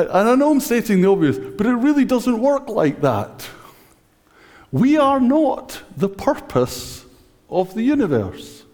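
A man preaching a conversational sermon, speaking directly to the congregation at an unhurried pace. His pitch sits a little high and moves a lot. The voice carries a long church reverb. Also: a little mellow. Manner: conversational, using a prop, talking directly to the congregation. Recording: echoey church hall.

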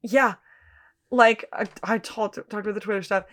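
A woman's voice: mid-range voice, steady tone, moderate pace, a bit bright. A woman co-hosting a podcast, talking casually through a TV episode. She reads scene dialogue aloud and swears freely as she goes. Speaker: podcast co-host. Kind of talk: casual chat recapping a TV episode.

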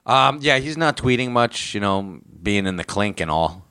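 A man's voice: lowish voice, expressive, moderate pace, bright, forceful tone, clear, resonant tone, no room sound. A man co-hosting a casual chat, dropping wisecracks. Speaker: podcast co-host.

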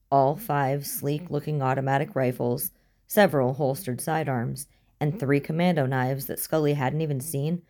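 A woman reading a story aloud as narrator, in a steady, even manner. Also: low voice. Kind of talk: audiobook narration.

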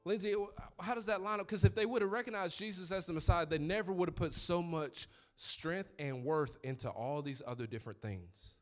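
A man in his thirties preaching a sermon, telling stories with lively quoted voices. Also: high voice, brisk, hardly any pauses. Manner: animated storytelling with quoted voices. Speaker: pastor.

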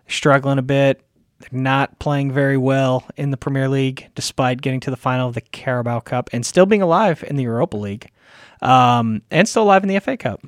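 A man's voice: mid-range voice, fairly quick, no room sound. A tired man co-hosting a casual sports podcast, chatty and rambling, talking into a close mic. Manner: rambling, chatty, trails off and restarts. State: tired, yawning. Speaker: podcast co-host. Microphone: close studio mic.

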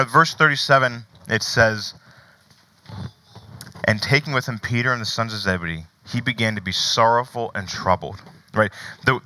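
Bright-voiced man preaching conversationally. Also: medium pitch, no room sound, poor audio. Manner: conversational, frequent "right?" asides. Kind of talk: sermon.

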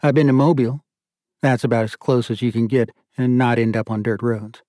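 A man's voice: medium pitch, steady tone, a little fast, dark tone, dry recording, studio quality, natural voice. A man voicing a playful, affectionate young wife with a teasing, joking manner in an audiobook. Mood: reassuring.

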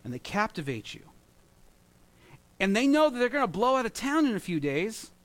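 A man in his thirties preaching a sermon, telling animated stories with jokes and mimicry. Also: high voice, normal speed. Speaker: pastor.

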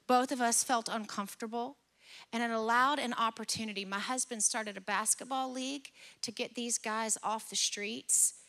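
Animated, bright-voiced woman pastor preaching. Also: on the high side, normal speed. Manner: animated, acts out dialogue in stories. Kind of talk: sermon with personal storytelling. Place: church service.

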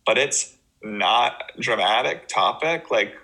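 A man's voice: fairly low pitch, lively intonation, takes it slowly, bright, forceful tone, low-quality recording. A man co-hosting a podcast in casual chat, wired on coffee, joking around, swearing and goofing off. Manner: jokey, hyper, goofing with silly voices and swearing. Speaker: podcast co-host.

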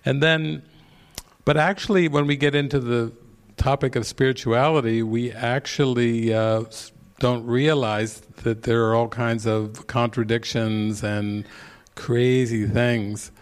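A man's voice: mid-range voice, fairly even intonation, measured pace. A man speaking as a spiritual teacher at a retreat, telling stories, asking pointed questions and chuckling at his own points. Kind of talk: retreat talk.

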